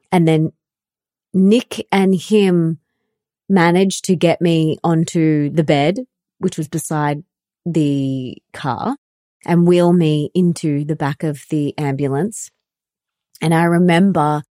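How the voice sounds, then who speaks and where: Soft-spoken earnest woman, mellow voice. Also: low-pitched, no echo, clean studio sound. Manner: earnest, emotional, many fillers like "like". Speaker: podcast host. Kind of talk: personal storytelling conversation.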